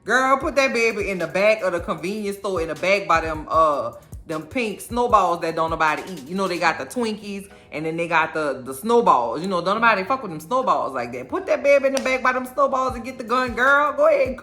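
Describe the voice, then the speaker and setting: Bright, sassy woman recapping a show. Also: medium pitch, a little fast, soft background music. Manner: animated, sassy storytelling. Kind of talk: casual TV episode recap.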